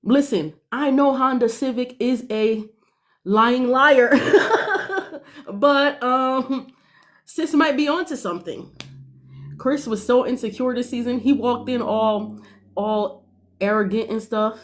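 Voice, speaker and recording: A young woman giving animated, sassy commentary on a reality show, laughing often. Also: a little high, slow pace. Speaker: podcast panelist.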